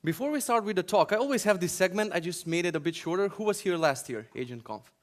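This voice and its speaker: Guy from macedonia ranting and joking at a tech conference, a bit higher voice. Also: animated, fast. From North Macedonia. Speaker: conference speaker. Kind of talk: conference talk. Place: conference hall.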